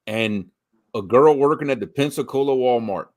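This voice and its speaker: A middle-aged man from Louisiana with a softened south Louisiana Cajun accent, chatting casually as co-host and telling stories with animated asides. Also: mid-range voice, moderate pace. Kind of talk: casual chat.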